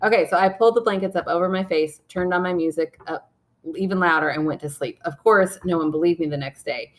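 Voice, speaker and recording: A woman's voice: lowish voice, fast. A woman co-hosting a casual podcast, eagerly telling stories and reading out listener emails. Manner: animated storyteller, reads listener emails. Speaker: podcast co-host, believer.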